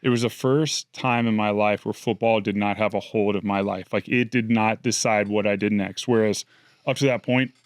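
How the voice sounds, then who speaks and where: A man's voice: lowish voice, fairly even intonation, normal speed, no room sound. A man in his thirties, an interview guest, telling his story in an earnest, reflective way. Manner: earnest, reflective, emotional retelling. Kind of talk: candid storytelling.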